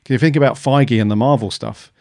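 A man's voice: mid-range voice, fast, creaky, darkish tone, no room sound, studio quality. A man co-hosting a podcast in casual chat, musing aloud with many fillers. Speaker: podcast co-host.

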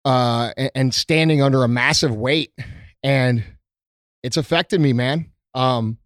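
A man's voice: mid-range voice, a little slow, dry recording, clean studio sound. A man, a small business owner, speaking to his followers in an unscripted, heartfelt monologue. He is earnest and emotional, swears freely and often stumbles with ums and restarts. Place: his company premises, indoors.

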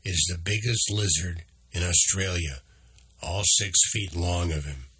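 A man voicing a small male creature who guides a lost companion, speaking calmly and patiently. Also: low voice, unhurried, breathy edge, heavily acted. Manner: calm, patient, instructive.

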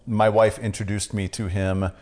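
A man hosting a podcast, asking questions calmly in casual interview chat. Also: on the low side, normal speed. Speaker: podcast host.

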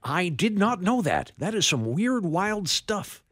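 Animated male radio co-host. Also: high voice, unhurried, no echo. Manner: animated, laughs often, playful voices. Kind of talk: casual studio chat. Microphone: studio mic.

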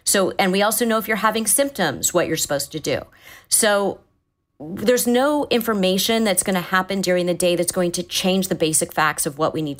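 A woman in her forties with a somewhat low voice speaks as a therapist guest. She explains things calmly and thoughtfully, circling back and restarting phrases as she works out her point. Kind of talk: advice-giving conversation.

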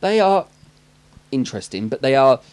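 A man's voice: mid-range voice, big pitch swings, normal speed, a little mellow, clear, resonant tone. A man with an English accent chatting casually about a film with a friend, joking and laughing often. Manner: jokey, rambling, laughs often. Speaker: podcast co-host.

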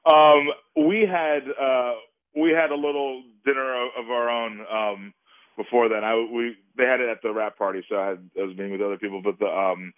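A man, an actor guest, chatting in a halting, rambling way and laughing easily. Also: medium pitch, level tone, clear, resonant tone, no room sound. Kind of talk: casual interview over phone. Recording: tinny phone line.

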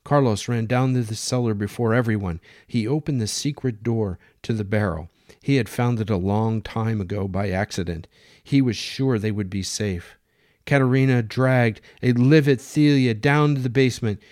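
A man narrating a dramatic story in steady, plain reading. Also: lowish voice, moderate pace, no room sound, clean studio sound.

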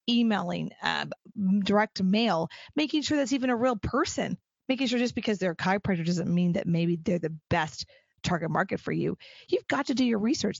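A middle-aged woman hosts a solo podcast, talking with energy and emphasis as she acts out quoted conversations. Her mid-range voice has vocal fry, with no room sound and dull audio.

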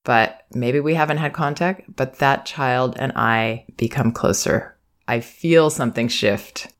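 A woman parenting educator giving calm, reflective advice in a monologue, sometimes acting out soothing phrases meant for a child. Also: very deep voice, measured pace. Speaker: parenting educator and podcast host.

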